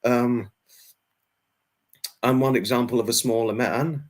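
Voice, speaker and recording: Slow and steady in tone, a middle-pitched man runs a livestream, reading the chat aloud and replying to viewers one after another. He's friendly but repetitive, his talk peppered with ums and restarts.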